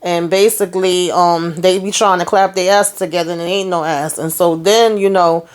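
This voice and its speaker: A woman's voice: lowish voice, steady tone, moderate pace. Chatty woman recapping TV. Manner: chatty, quotes characters with voice shifts. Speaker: TV review host. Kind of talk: casual TV recap.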